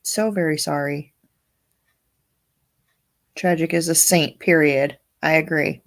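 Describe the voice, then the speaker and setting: A woman's voice: low-pitched, steady tone, slow pace. A woman hosting a casual livestream, reading viewer comments aloud and chatting bluntly, with frequent swearing and laughter. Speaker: livestream host.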